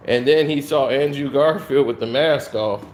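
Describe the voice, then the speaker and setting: A man giving a casual, animated spoiler review of a film, talking to his viewers. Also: medium pitch. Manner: animated, conversational, drawn-out delivery.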